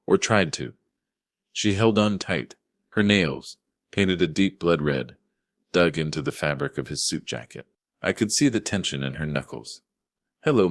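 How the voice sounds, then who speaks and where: Brief: deep-voiced male narrator, grave and forceful, dry close mic. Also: creaky, dry recording. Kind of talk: first-person dramatic story narration.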